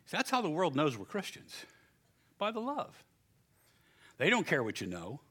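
An older man preaching a sermon in a high, ringing voice. His pitch leaps and falls as he acts out little scenes. He chuckles at his own stories between points. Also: wildly swooping pitch, moderate pace, a bit bright, breathy edge. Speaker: pastor.

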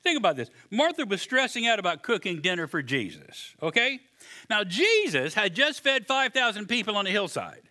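A man preaching a sermon, animated and joking, acting out the people in his story. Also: high voice, moderate pace. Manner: animated, acts out voices with humor. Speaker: pastor.

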